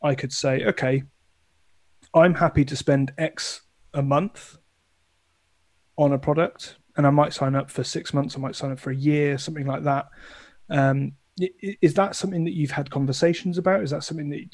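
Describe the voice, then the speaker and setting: A man's voice: a little high, moderate pace, darkish tone, no room sound. A man from England who owns a small company, asking questions in casual panel chat and filling gaps with "you know". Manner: searching, fills with "you know".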